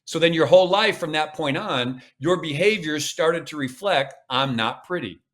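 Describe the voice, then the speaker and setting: A man's voice: a little high, moderate pace, a bit bright. A man speaking as a podcast guest, coaching with emphatic, repeated phrases. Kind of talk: podcast interview.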